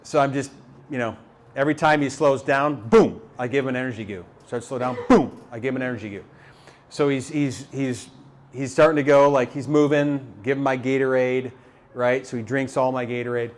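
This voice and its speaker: A man telling a story live to an audience, animated and halting, with many repeated words and fillers. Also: mid-range voice. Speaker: motivational speaker. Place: talk venue with a live audience.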